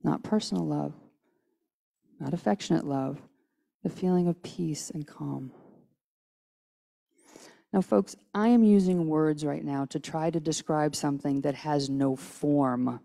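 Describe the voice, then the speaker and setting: Woman preacher, low-pitched and mellow, casual conversational sermon, tired. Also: measured pace, vocal fry, pauses often. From United States. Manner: casual, chatty, with restarts and acted-out quotes. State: tired from little sleep. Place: church sanctuary.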